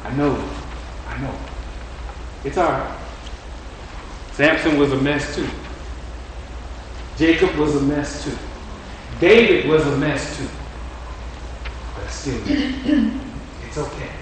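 A man preaching a sermon in a conversational style, repeating his phrases and swinging between loud and quiet. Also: on the high side, slow pace, long pauses, a little hiss or hum. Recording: echoey room from a distant mic.

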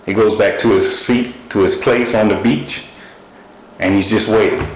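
Male preacher, lower voice, animated storyteller, roomy echo. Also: moderate pace, a little hiss or hum. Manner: storytelling, animated with sudden high shouts. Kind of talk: sermon.

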